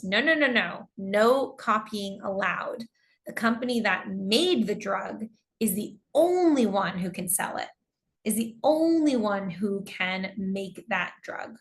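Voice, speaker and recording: A woman's voice: medium pitch, gravelly, fairly bright tone. An American woman teaching an online English class, explaining terms patiently with examples and reading out students' answers.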